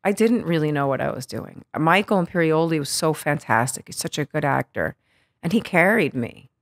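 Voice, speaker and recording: Animated, cursing New woman telling stories. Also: deep voice, normal speed. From Queens, New York. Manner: animated, profane, acts out quotes. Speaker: podcast guest. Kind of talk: casual storytelling interview.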